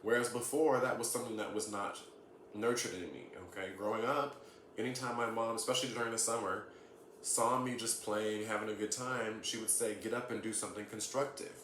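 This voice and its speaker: A man's voice: fairly low pitch, steady tone, a little fast, a bit bright. A man from the US South in a casual astrology vlog, talking earnestly into his camera at home. He ends nearly every point with "okay?" and laughs lightly between points. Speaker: astrology vlogger. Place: room at home. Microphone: camera mic. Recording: echoey room with faint hiss.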